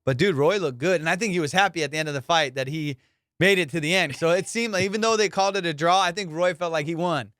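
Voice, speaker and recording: A man hosting his comedy podcast in casual chat, telling profane, animated stories and laughing often. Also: on the high side, quick pace, dry recording, studio quality.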